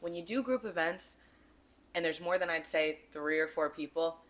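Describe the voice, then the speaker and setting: A woman co-hosting a casual chat, telling a party story with lots of laughs and animated asides. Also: low-pitched, normal speed. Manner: animated, laughs often, slips into quoted voices. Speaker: podcast co-host.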